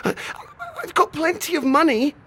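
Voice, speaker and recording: A man's voice: very high-pitched, moderate pace, fairly bright tone, a little hiss or hum, voice pushed up. A man voicing a frightened teenage boy caught shoplifting, who stammers and pleads. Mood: panicked pleading.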